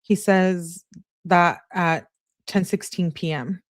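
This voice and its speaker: A woman casually reading out an exchange of text messages in a plain conversational way, pausing for asides and correcting herself. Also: on the low side, steady tone, no echo, clean studio sound.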